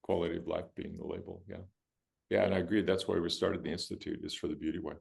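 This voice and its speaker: A man who started the institute, speaking on a panel and briskly prompting others to speak. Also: deep voice, fairly even intonation, vocal fry, a little mellow. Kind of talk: panel discussion.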